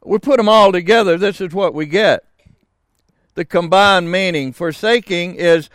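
Slow, emphatic older male preacher. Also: sits high, a bit bright, no echo, clean studio sound. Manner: slow, emphatic, dramatic pauses. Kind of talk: sermon.

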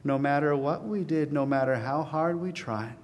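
A man preaching a sermon as pastor, earnest, swelling to emphatic peaks and then dropping to a softer, confiding tone. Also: a little high, normal speed, long reverb tail, a little hiss or hum.

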